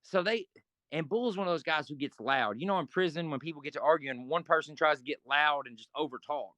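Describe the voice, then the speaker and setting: Middle-aged male interview guest, casual and profane, lively storytelling, a touch high-pitched, dry recording. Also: a little fast, no echo. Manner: profane, animated, acts out quoted arguments.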